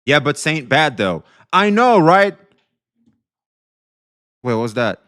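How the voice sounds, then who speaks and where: A young adult man streaming live, talking casually to his chat, swearing freely, swinging between excitement and quiet emotion. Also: on the high side, slow. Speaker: livestreamer.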